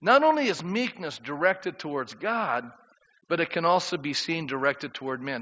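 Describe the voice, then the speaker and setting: Pastor guy preaching, talks right to the crowd with questions, bright tone, echoey dull church sound. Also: fairly high pitch. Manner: conversational preaching, asks the congregation questions. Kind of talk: sermon. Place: church sanctuary.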